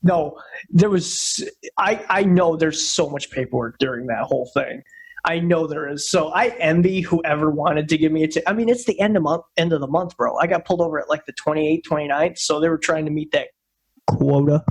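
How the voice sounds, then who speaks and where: A man's voice: on the high side, fairly quick, breathy edge. A man co-hosting a casual podcast, telling a rambling, profane story and repeating himself a lot. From Upstate New York. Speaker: podcast co-host. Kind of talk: casual chat.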